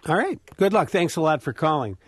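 A man's voice: on the high side, very animated, brisk, fairly bright tone, dry recording, clean studio sound. A man hosting a call-in radio show, keeping it brief and friendly as he brings callers on.

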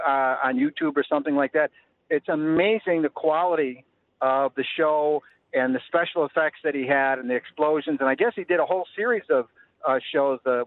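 A man calling into a radio show, talking enthusiastically with many halting pauses. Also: a little high. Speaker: caller. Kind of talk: phoned-in radio chat. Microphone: telephone line. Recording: tinny phone line.

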